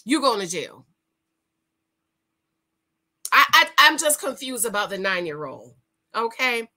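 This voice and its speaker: A woman with a high, bright voice hosts a commentary vlog, reading out news and then reacting to it with indignation. She speaks directly to her viewers in a casual, conversational way. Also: sing-song, a little slow, low-quality recording. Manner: indignant, talks straight to viewers. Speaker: YouTube commentary host.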